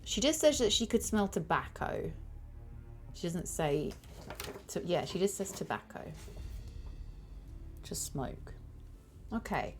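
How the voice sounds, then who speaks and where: Over soft background music, a woman with a lowish, sing-song voice plays a detective board game on stream, taking her time and pausing often. She chats casually, works things out aloud, and thanks viewers along the way.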